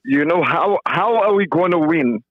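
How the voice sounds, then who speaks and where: A man's voice: fairly high pitch, lively intonation, normal speed, narrow, tinny audio. A man from Saint Lucia calling a radio show, voicing political complaints and often repeating words as he talks. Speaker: caller.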